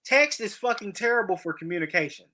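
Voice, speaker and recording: A man's voice: sits high, animated, quick pace, over a noisy crowd. A man who is a guest on a casual podcast chat, making his points in an emphatic, lecturing, profane way.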